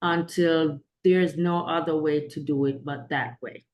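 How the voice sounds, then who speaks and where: A woman's voice: deep voice, steady tone, a little slow, muffled recording, a little hiss or hum. A woman taking part in a coaching session, eagerly chiming in with her own point. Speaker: session participant.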